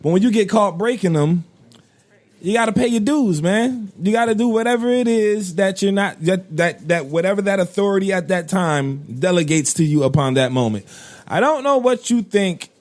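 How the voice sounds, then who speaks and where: A man co-hosting a podcast, ranting in a profane, animated way with bursts of laughter. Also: sits high, moderate pace. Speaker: podcast co-host. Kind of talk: casual podcast rant.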